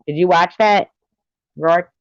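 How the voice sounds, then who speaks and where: A woman's voice: fairly low pitch, slow, no room sound. A woman chatting casually on her live stream, teasing, laughing often and swearing freely. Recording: dull, dry lo-fi stream audio.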